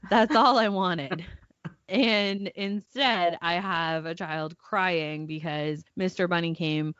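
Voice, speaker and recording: A woman's voice: lowish voice, slow, fairly bright tone, clean tone, no echo, dull audio. A young mother co-hosting a podcast, telling a family story casually and acting out her child's voice. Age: young adult. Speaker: podcast co-host. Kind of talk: casual chat.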